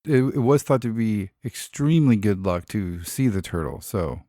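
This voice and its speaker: A man's voice: fairly low pitch, expressive, moderate pace, warm tone, dry recording, clean studio sound. A man co-hosting a podcast in casual chat, joking and swearing freely. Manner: profane, jokey, laughs often. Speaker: podcast co-host.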